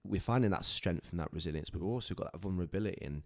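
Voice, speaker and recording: A man's voice: low-pitched, very fast, creaky. A man, a podcast guest telling a personal story in an earnest, heartfelt way, often stopping and restarting his sentences.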